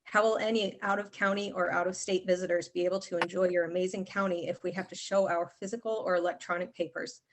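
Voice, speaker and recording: A woman's voice: on the low side, steady tone, quick pace, hardly any pauses, noisy background. A woman calling in to a public meeting, earnestly reading a prepared statement. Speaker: caller. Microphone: call-in line.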